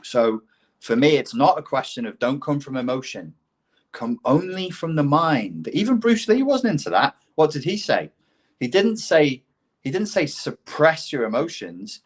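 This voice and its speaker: A man's voice: a little high, big pitch swings, moderate pace. A man from Liverpool talking casually on a livestream Q&A about philosophy, rambling and emphatic with the odd swear word. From Liverpool, England. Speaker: online philosophy and self-help talker.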